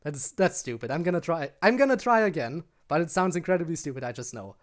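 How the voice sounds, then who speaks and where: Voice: mid-range voice, animated, fast talker. A game streamer chatting casually and self-consciously with viewers late at night, giggling often and sounding tired. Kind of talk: casual live-stream chat while gaming.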